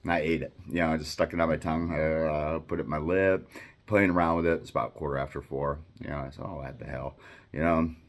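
A man in his fifties with a very low, deep voice tells a story straight to the listener. He rambles and curses freely, and he fills his pauses with "you know" and "uh". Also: fairly even intonation. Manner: rambling, swears freely, many fillers. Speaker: storyteller recounting his past. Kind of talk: casual storytelling monologue.

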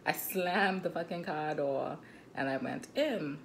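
Low, gravelly young island woman vlogging. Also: a little slow, a little hiss or hum. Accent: Turks and Caicos Islands. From Turks and Caicos Islands. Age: 20s. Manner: animated, indignant storytelling with frequent asides. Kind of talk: storytime vlog. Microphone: phone camera mic.

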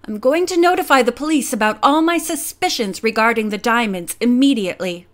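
Woman voicing an outraged young bride-to-be for an audiobook; high, emphatic delivery. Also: expressive, brisk, lightly acted. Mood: indignant. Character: hot-tempered young bride-to-be.

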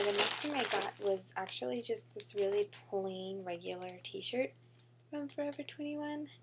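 A woman's voice: medium pitch, vocal fry, background noise. A young woman chatting casually to camera in a haul vlog, bubbly and chatty, full of fillers and gushing about how cute things are. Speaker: beauty vlogger.

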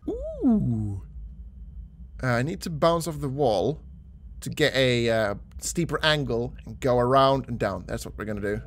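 A young man commentating his own mini golf game play, talking to himself and his viewers, gasping and yelling when shots go well or badly. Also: mid-range voice, moderate pace. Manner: excitable, gasping and shouting at shots. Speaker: gaming YouTuber.

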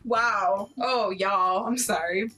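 A young woman hosting a casual reaction chat, excitable, shrieking, laughing and swearing a lot. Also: mid-range voice, takes it slowly, faint music behind. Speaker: reaction channel host.

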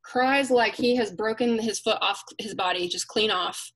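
Candid mom host, chatty and self-mocking. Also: female voice, medium pitch, normal speed, husky, low-quality recording. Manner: candid, self-mocking, animated when quoting herself. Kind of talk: casual live chat.

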